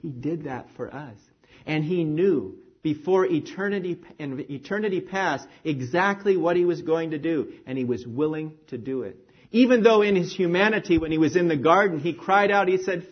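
A man preaching a sermon with animated emphasis, swinging between raised declarations and hushed, quiet phrases. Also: fairly high pitch, normal speed, husky, dull audio. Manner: animated, rising and falling emphasis, drops to near-whisper.

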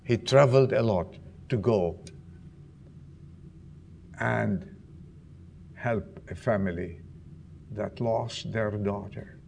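A man preaching a sermon, swinging between loud questions to the congregation and hushed, almost whispered lines. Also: fairly low pitch, slow, gravelly, long pauses, a little hiss or hum.

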